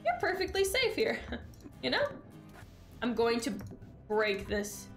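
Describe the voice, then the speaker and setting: A woman's voice: fairly high pitch, wildly swooping pitch, slow pace, faint music behind. A woman streaming a game in casual chat, exasperated and sarcastic, swearing freely. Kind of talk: casual live-stream chat while gaming.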